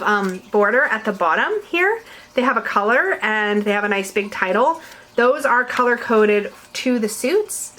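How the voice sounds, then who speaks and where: A woman's voice: on the high side, fairly bright tone, a little hiss or hum. A woman in casual chat to camera, reviewing tarot decks at home, chatty and giggly, rambling with fillers. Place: home room with her dog nearby.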